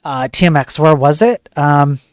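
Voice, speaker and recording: A man's voice: fairly high pitch, moderate pace, dry recording, studio quality. A man hosting a casual tech news stream, ranting bluntly and joking as he reads the stories. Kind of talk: casual live-stream commentary.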